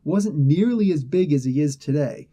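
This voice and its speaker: A male comic book reviewer with a slightly high, mellow voice talks casually through the story. He stays chatty and animated, tossing in laughs and asides as he goes. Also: moderate pace.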